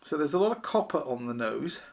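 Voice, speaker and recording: A man's voice: a little high, big pitch swings, brisk, gravelly. A man hosting a casual beer review vlog, chatty and wry, poking fun at himself. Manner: chatty, wry, self-deprecating.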